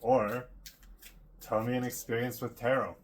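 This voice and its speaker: A man's voice: mid-range voice, flat delivery, measured pace. A man vlogging in a casual, meandering monologue, full of fillers and frequent laughs. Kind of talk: casual rambling monologue to camera.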